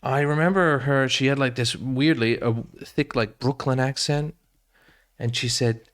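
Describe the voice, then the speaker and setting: A man in mid pitch, talking as a guest on a comedy podcast. He tells stories with animated, self-deprecating energy. He often stumbles and restarts as he goes. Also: measured pace. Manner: animated, self-mocking storyteller with many restarts. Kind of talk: casual podcast chat.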